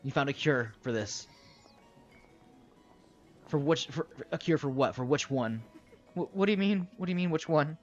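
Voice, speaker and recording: A man voicing a very old human sorcerer who asks anxious, halting questions. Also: fairly high pitch, muffled recording, soft background music, pitched above the performer's own voice, close to an everyday voice. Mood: startled.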